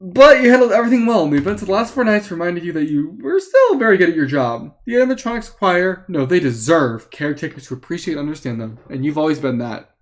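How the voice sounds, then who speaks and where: A man's voice: on the high side, big pitch swings, quick pace, few pauses. A man reading an interactive book aloud live for friends, playful with joking asides.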